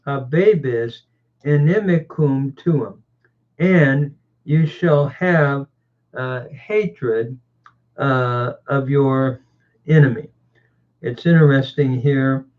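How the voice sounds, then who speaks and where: A man giving a slow, deliberate grammar lecture on scripture, pausing often with fillers as he parses words. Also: mid-range voice, steady tone. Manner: deliberate, halting, with many "uh" fillers. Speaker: teacher of biblical languages. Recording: tinny phone-like sound.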